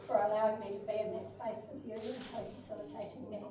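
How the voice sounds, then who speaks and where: A woman giving an earnest, heartfelt farewell speech, hesitant and full of pauses. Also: mid-range voice, fairly even intonation, a loud crowd. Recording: echoey room, distant mic, noisy.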